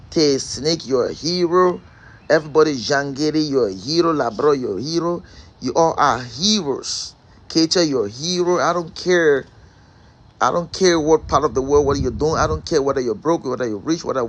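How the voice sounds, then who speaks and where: A man's voice: mid-range voice, normal speed. A man hosting a live-stream motivational talk, repeating rhetorical questions and calling out viewers by name. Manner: calls out viewers' names. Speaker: host.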